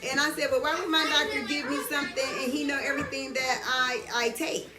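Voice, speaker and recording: A middle-aged woman telling a story in an animated, casual way while getting her hair done, often checking whether the listener understands. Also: high-pitched, fast, reverberant, over loud music. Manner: animated retelling, keeps asking "you understand?". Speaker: vlogger. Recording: busy background chatter.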